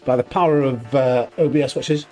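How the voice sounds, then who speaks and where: A man streaming sim racing, casually greeting viewers by name in quick bursts and joking about himself. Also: medium pitch, dark tone, faint music behind. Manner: upbeat, greets chat names in quick bursts, self-mocking. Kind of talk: casual live-stream chat.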